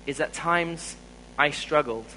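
A man with a South African accent preaches a sermon, earnestly telling a personal story and getting louder whenever he presses a point. His voice sits on the high side and moves at a slow pace, and the poor-quality audio carries a slight hiss or hum.

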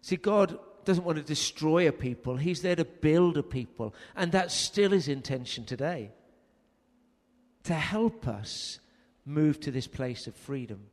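A man's voice: on the high side, expressive, measured pace. A man preaching a sermon, telling a story earnestly and raising his voice for emphasis. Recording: long hall reverb.

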